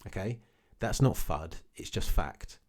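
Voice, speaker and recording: A man's voice: low voice, animated, a little slow, a little mellow. A man ranting casually to camera about his investments, blunt and repetitive, often tagging his points with "okay". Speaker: crypto vlogger.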